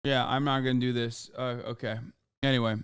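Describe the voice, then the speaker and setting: A man's voice: mid-range voice, little pitch movement, fairly quick, clean tone, dry recording, studio quality. A man in his thirties streaming live, ranting in a heated, profane, argumentative way. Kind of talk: livestream reaction rant.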